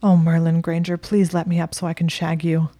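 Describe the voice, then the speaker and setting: A woman voicing a smug, teasing young aristocratic wizard man in whispered role-play, low and breathy. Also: level tone, fairly quick, mellow, no room sound, natural voice. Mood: strained.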